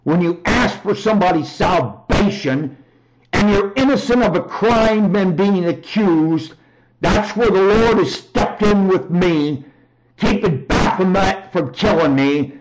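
A man giving a rambling, emphatic personal testimony on a talk show, often raising his voice to near shouting. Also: sits high, a little slow, faint music behind, low-quality recording.

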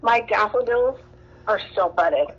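A woman's voice: medium pitch, unhurried, husky, lo-fi sound. A woman from Southern California calling in to a radio talk show, upset and rambling with many fillers and restarts. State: distressed. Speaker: caller.

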